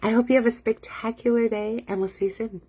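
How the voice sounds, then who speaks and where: A woman's voice: on the high side, fairly even intonation, brisk, mellow, breathy edge. A middle-aged woman hosting a live motivational talk for her online community, enthusiastic and emphatic, chatty with fillers, on a webcam or phone mic. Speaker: community host and coach.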